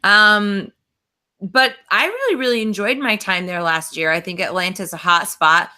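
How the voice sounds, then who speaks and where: A woman hosts a casual podcast chat with a bright, forward voice. She is chatty and upbeat and quick to tease her guests. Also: mid-range voice, animated. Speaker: podcast host.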